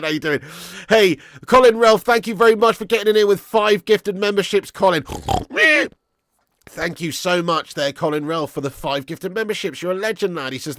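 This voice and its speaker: A young man chats excitedly on a live stream, pitched a little high. His voice is close and dry, with no room sound. He bounces between banter with viewers and quick asides. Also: dry recording. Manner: excitable banter, swearing, laughing with chat. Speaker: livestream host. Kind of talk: casual live chat.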